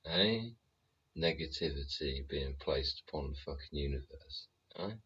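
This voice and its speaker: A man's voice: rumbling low, measured pace, pushed and bright, breathy edge, dull audio. A British man hosting a show, ranting profanely in a rambling way and talking back to his chat. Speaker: show host. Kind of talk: ranting livestream commentary.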